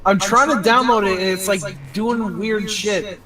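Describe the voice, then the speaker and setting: A man's voice: high voice, measured pace, crowd noise. A young man playing in a tabletop game over voice chat, chiming in offhandedly. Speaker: player. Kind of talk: casual chat. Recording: echoey, distant mic.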